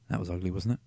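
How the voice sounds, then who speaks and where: A man's voice: sits low, creaky, very noisy. A man reading a romance novel aloud at home, breaking off for sarcastic, profane asides. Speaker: reader of a novel.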